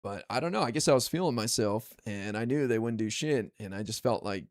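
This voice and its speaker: A man telling a rambling, candid story in a casual monologue, full of fillers and profanity, jumping high in pitch when he quotes others. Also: lively intonation, a little fast. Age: adult, calls himself too old to yell at teens. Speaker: political commentary streamer.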